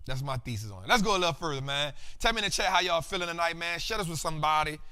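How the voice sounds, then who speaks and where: Male livestream host, bright and forceful, slangy and hyped, high-pitched. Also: animated, rapid-fire, clean tone. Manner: hyped, slangy, calls out to viewers. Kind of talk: casual livestream talk with chat shout-outs.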